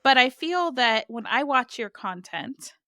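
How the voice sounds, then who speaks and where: A woman guest on a podcast speaks in a high, bright voice. She sounds upbeat, chatty and candid. The recording is dry and close. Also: sing-song, a little slow, no echo. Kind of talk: casual podcast chat.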